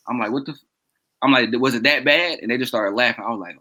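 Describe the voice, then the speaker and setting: Poor audio carries a medium-pitched man talking fairly quickly. He's a podcast co-host animatedly recounting a long story to friends, breaking into laughter often and voicing what each person said.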